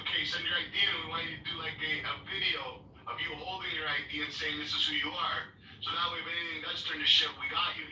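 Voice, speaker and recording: A man's voice: fairly high pitch, distant mic. A man telling stories in a casual, rambling chat, swearing freely and acting out what people said. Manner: animated, profane, rambling storyteller. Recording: echoey room, voice off-mic.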